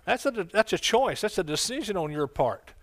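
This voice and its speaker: A man preaching a sermon as pastor, exuberant, with bursts of shouted exclamations. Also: high voice, sing-song, moderate pace.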